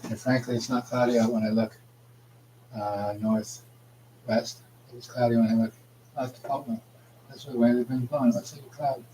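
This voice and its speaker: A man's voice: medium pitch, level tone, moderate pace, pauses often, warm tone, slight background noise, poor audio. A man from Canada delivering a rambling, confrontational monologue, swearing and calling out absent people by name. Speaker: vlogger. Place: outdoors.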